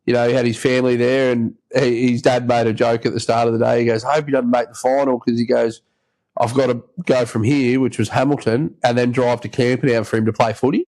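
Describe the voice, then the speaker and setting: An Australian man hosts a podcast, his mid-range voice flat, slightly quick and a bit mellow. He spins a rambling, chatty yarn in a casual way, acting out the voices of the people in his story.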